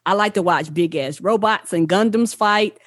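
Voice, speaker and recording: A woman co-hosting a podcast in casual chat, talking in animated bursts with profanity and stammered restarts. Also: medium pitch, moderate pace, dry recording, studio quality. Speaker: podcast co-host.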